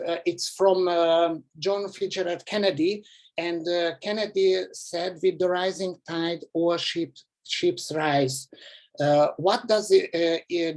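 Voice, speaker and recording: A woman with a non-native English accent giving a slide presentation at a summit, halting often with fillers and restarts. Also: on the low side, a little mellow. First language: not English. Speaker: summit speaker.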